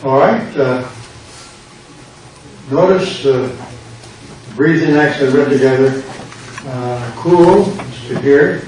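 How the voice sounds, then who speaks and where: An older man, a pastor, slowly and patiently explaining grammar in a classroom lecture. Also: medium pitch, darkish tone. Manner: slow, patient explaining with repetition. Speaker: pastor teaching a Greek class. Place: church classroom. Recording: echoey classroom from far off with background noise.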